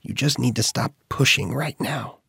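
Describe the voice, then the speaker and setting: A man reading a story aloud, voicing a kindly male attendant who speaks in a hushed, confiding whisper. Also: on the low side, steady tone, measured pace, no echo, clean studio sound.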